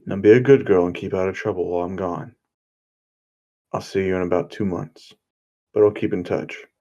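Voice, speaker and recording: A man voicing a calm, guarded young male hero with a dry, understated way of talking. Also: deep voice, normal speed, muffled recording.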